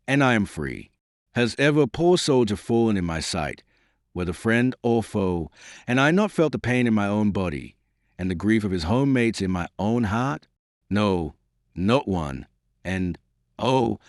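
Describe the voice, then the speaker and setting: A man voicing a devout, gentle young peasant girl turned army commander, speaking earnestly and pleading. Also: fairly low pitch, no echo, clean studio sound.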